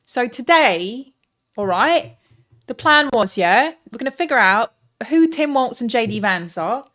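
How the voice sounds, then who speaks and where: A woman's voice: fairly high pitch, animated, measured pace, fairly bright tone, voice pushed up. A woman streamer putting on a chipper, bossy English woman presenter voice.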